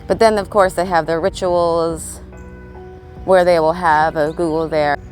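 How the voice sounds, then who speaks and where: A woman's voice: on the low side, steady tone, measured pace, darkish tone, faint music behind. A woman vlogging outdoors in a scattered, casual monologue, swearing and laughing as she goes. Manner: scattered, swearing, laughs often, talks to birds around her. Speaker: spiritual vlogger. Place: outdoors among birds.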